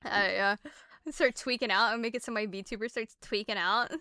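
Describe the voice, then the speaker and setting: A woman's voice: mid-range voice, steady tone, moderate pace, pushed and bright, clear, resonant tone, no echo. A woman streaming as game master of a tabletop game, narrating the action and teasing her players with laughs and swearing. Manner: giggly, swears freely, playful teasing. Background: faint music.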